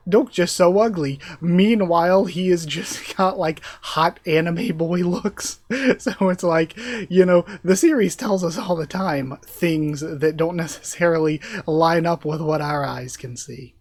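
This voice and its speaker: A live reaction streamer reads a web novel aloud and breaks off into giggly, self-deprecating asides with casual swearing. The voice sits at an ordinary middle pitch. The sound is dry and close, with almost no room around it. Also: darkish tone, no echo.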